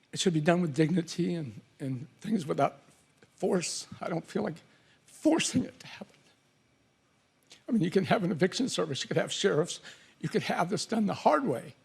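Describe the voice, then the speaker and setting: A man's voice: a little high, gravelly, husky. A middle-aged man, a father on a talk show, speaking hesitantly and repeating himself. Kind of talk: emotional confession.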